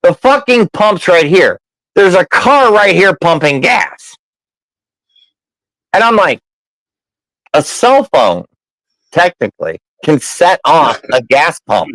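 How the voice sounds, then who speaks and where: A man's voice: on the high side, slow, long pauses, dry recording, low-quality recording. A man telling a story in casual chat, swearing freely and acting out the people in it. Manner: profane, animated storyteller.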